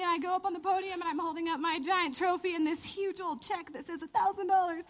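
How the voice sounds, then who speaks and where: A woman in her thirties giving a lively storytelling sermon, laughing often and acting out the lines she quotes. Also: very high-pitched, quick pace, few pauses, noisy background. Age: 30s. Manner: animated, laughing storyteller who acts out quotes. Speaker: church speaker.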